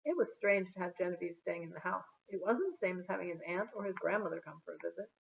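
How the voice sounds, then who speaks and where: A woman reading a children's chapter book aloud in an expressive, storytelling manner. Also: on the low side, quick pace, creaky. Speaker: storybook reader. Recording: phone-like narrow sound.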